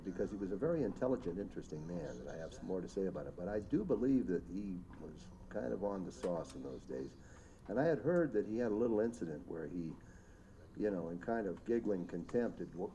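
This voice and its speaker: A man's voice: sits low, mellow, a little hiss or hum. A man, a makeup artist, telling rambling behind-the-scenes anecdotes about a film, with vivid impressions of others. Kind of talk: recorded commentary interview.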